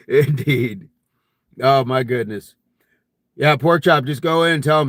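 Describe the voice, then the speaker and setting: A man's voice: mid-range voice, slow, pauses often, fairly bright tone, no echo, studio quality. A man hosting a casual fitness live stream, reading viewer comments aloud in a jokey, friendly way and laughing often.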